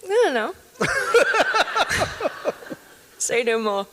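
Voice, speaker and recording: A woman in her thirties, an actress being interviewed, chatting in an animated, self-deprecating way with lots of laughter. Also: extremely high pitch, drawn-out words, background noise. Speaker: actress guest. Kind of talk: interview chat.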